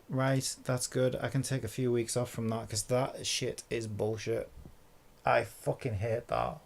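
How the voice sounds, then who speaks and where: Gravelly, furious swearing streamer man. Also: medium pitch, a little slow, a little hiss or hum. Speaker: game streamer. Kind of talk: live gameplay stream ranting. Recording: game music playing behind.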